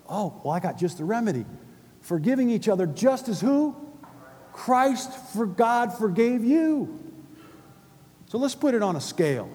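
A man preaching a sermon in a church, animated and emphatic, often putting questions to the congregation. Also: high voice, moderate pace. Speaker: pastor. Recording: long hall reverb.

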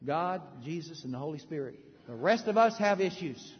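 A man preaching a sermon, animated and joking with the audience, swinging between loud bursts and hushed moments. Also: on the high side, normal speed. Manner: joking, conversational asides to the audience. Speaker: pastor. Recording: reverberant hall, dull lo-fi sound.

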